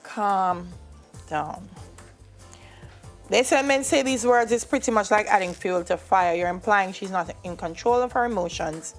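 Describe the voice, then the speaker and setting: A woman's voice: medium pitch, fairly quick, few pauses, faint music behind. A young Jamaican woman co-hosting a morning TV show in a playful, casual way that slips into patois. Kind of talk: casual chat. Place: TV studio.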